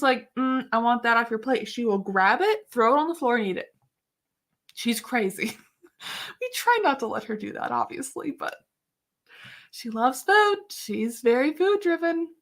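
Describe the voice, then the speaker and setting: A woman's voice: a little high, fairly bright tone. A young woman chatting casually to her viewers as a reading-sprint host, chatty and given to giggling. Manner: chatty and giggly, many fillers. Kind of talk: casual chat.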